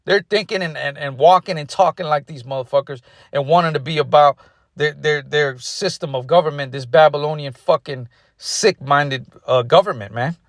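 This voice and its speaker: A man's voice: fairly high pitch, normal speed, no room sound. Angry profane male preacher, dry sound. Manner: profane and aggressive, ends phrases with "man". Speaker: street preacher. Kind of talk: angry ranting sermon.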